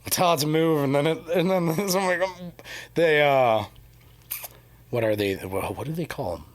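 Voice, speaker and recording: A man with a fairly high-pitched voice speaks at normal speed with no echo. He co-hosts a casual religious discussion podcast, reading scripture passages aloud, then musing and joking about them.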